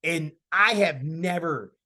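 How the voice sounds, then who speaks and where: A man in his thirties, a podcast host, telling a story in casual chat, animated and laughing as he talks. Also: on the high side, slow pace.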